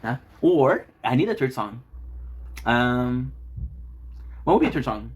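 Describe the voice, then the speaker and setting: A man's voice: mid-range voice, lively intonation, a little slow, husky. A man streaming from his home kitchen, chatting casually with viewers in a playful, teasing, joking way. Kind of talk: casual live-stream chat.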